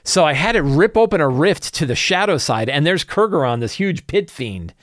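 A man's voice: on the high side, expressive, normal speed, no room sound, clean studio sound. A man hosting a show, casually recapping a tabletop campaign as game master, rambling with many fillers and restarts.

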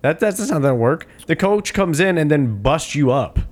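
A man co-hosting a casual movie podcast, swearing freely and acting out scenes in high mocking voices. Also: animated, moderate pace. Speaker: podcast co-host.

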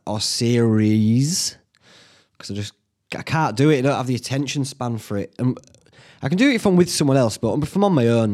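This is a man, talking casually as the host of his own podcast. He rambles in a relaxed, chatty way, drops in the odd swear word and laughs at his own jokes, at an ordinary middle pitch. He sounds like he is in a small home studio. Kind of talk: casual solo podcast chat.

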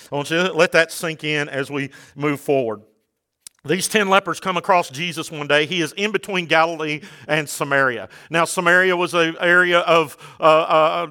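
A man preaching a sermon to his congregation, talking casually with the room and rising to loud, fervent exhortation. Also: a little high. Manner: conversational preaching that builds to shouted exhortation. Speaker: pastor.

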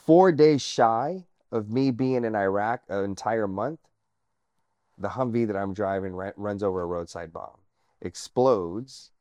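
A man, an army veteran, telling his personal story as a guest in an interview, earnest and animated, sometimes dropping to a near-whisper. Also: fairly low pitch, a little slow, no echo.

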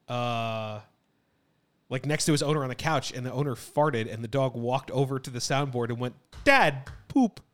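A man co-hosting a casual podcast, telling rambling stories full of fillers. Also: mid-range voice. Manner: rambling, filler-heavy storytelling. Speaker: podcast co-host. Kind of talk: casual chat.

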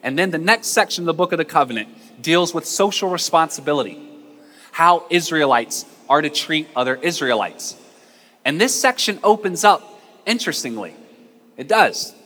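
A male pastor preaches in a bright, forceful voice, and his words ring with a long reverb through a large church hall. He tells stories and acts out the people in them. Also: on the high side, expressive, moderate pace. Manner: storytelling, acts out voices in anecdotes. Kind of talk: sermon.

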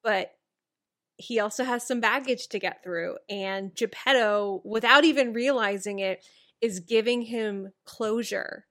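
A woman's voice: fairly high pitch, unhurried, a bit bright. A woman in casual discussion of a TV show, thoughtfully explaining her opinions and adding short agreeing replies. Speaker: podcast co-host.

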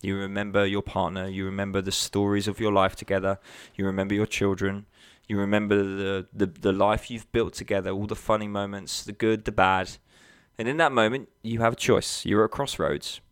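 A man's voice: fairly low pitch, level tone, brisk, clean tone, no room sound, clean studio sound. A man, a nutrition coach talking to his listeners in a casual monologue. He speaks bluntly, swears freely and hits his points with punchy emphasis.

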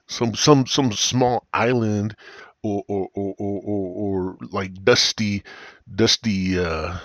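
A man with a lowish voice hosts a comedy podcast, meandering through crude, profane stories. He speaks into a cheap gaming headset, and there's no echo.

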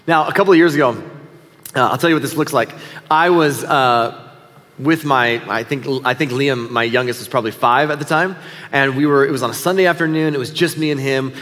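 In a long hall reverb, a middle-aged male pastor gives a sermon, sharing a personal story conversationally and self-deprecatingly. His voice sits on the high side with a fairly bright tone.

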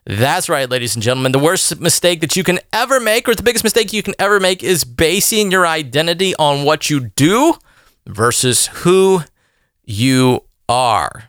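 A podcast host telling a story in a casual, rambling monologue. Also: male voice, on the high side, normal speed, clean tone, no echo, clean studio sound. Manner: animated, rambling with fillers.

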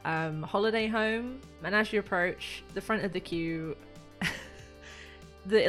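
A woman's voice: mid-range voice, a bit bright. A woman narrating as game master in a chatty, giggly way.

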